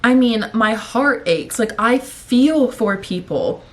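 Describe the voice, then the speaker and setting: A woman's voice: fairly high pitch, animated, slow pace. A young woman talks straight to her camera in a loose, rambling way, swearing freely and getting emotional. Her throat is sore and she sounds a little out of breath as she goes. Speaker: vlogger. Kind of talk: casual chat to camera.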